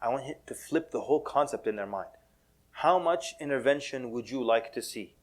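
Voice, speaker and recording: A man giving a lively, joking talk to an audience at a mosque, mixing in Arabic words and acting out quotes. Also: mid-range voice, a little fast. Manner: animated, playful, drops Arabic words, laughs often. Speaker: Muslim speaker giving a talk.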